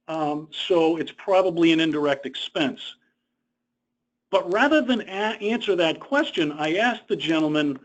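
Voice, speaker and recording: A man's voice: a little high, measured pace. A man presenting a webinar lecture in a conversational way, explaining rules through personal stories. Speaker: presenter on government contract costs. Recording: dull lo-fi webinar audio.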